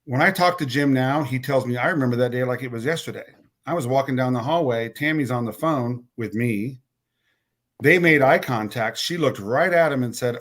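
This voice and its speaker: A man's voice: medium pitch, fairly quick, a bit bright. A man telling a personal story as a podcast guest, bluntly and with some swearing. He trips over and repeats words, and he acts out what others said as quoted dialogue.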